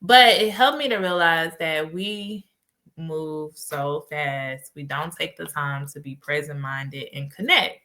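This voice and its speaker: Casting: woman host, lowish pitch but bright tone, chatty storyteller. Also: takes it slowly. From United States. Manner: animated storytelling with laughs. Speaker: podcast host and life coach. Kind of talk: casual solo podcast talk.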